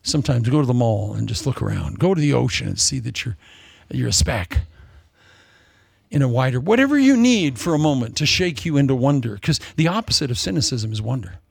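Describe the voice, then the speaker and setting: A man preaching a sermon in a lively, jokey way, acting out quotes in different voices. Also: medium pitch, fairly quick, creaky, breathy edge, dry recording, studio quality. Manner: animated, jokey, acts out quotes.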